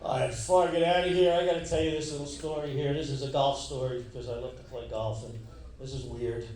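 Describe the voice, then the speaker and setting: A man's voice: medium pitch, fairly even intonation, fast, darkish tone, recorded from a distance. A man from New York doing stand-up, telling a rambling, profane, self-mocking story on a comedy club stage. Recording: echoey club, mic heard from afar.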